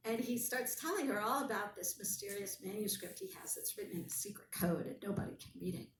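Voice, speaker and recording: A woman guest telling a story in casual conversation, animated and wry. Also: medium pitch, fast, background noise. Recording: roomy, distant mic, faint ambience.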